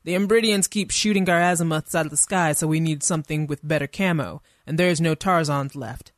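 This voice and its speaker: A woman voicing a gruff, impatient male army general who barks curt orders in a gravelly voice. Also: deep voice, fairly quick, dry recording, clean studio sound, lightly acted.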